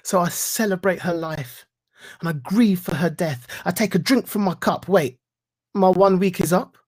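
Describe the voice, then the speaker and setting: A man giving a reflective talk and reciting spoken-word poetry in an earnest, rhythmic way with deliberate pauses. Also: high voice, a little mellow. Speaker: guest speaker.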